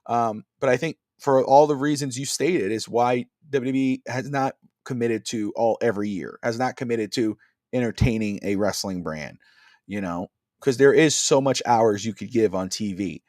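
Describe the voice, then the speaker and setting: Over a video call, a man co-hosts a casual wrestling podcast, rambling with plenty of fillers and restarts. His mid-range, slightly mellow voice moves at a normal speed, and the recording is dry, clean studio sound.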